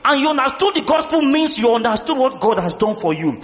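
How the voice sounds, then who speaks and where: A male pastor, preaching an impassioned sermon and often shouting to the congregation. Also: extremely high pitch, very animated, a little fast, hardly any pauses, in a large hall, dull audio.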